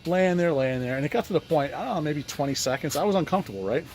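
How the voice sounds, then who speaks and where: A man's voice: a little high, quick pace, darkish tone, slight background noise. A man in a casual vlog, telling a rambling, frustrated story about a medical appointment and acting out both sides of each conversation. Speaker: vlogger recounting a medical appointment.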